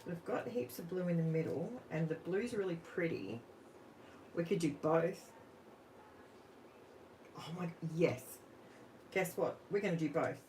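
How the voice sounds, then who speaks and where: An Australian woman chats her way through a live crafting session, talking to her viewers as she works. She speaks slowly in a somewhat low voice. A faint hum of background noise sits under her voice. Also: a little mellow, poor audio. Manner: chatty, talks to viewers while working. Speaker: crafting livestream host. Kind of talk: casual live crafting chat.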